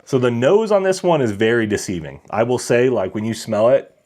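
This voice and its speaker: A man's voice: medium pitch, animated, brisk, darkish tone. A man hosting a casual whiskey livestream, chatting with viewers and reading their comments aloud. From Colorado.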